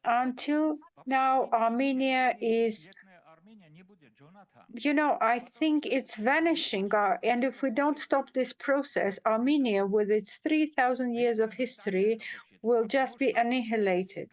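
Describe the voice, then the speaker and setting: A woman's fairly high voice delivers slow, deliberate panel remarks, emotional and firm, often stalling on repeated words. The sound is dull and lo-fi, like a conference recording. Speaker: symposium panelist.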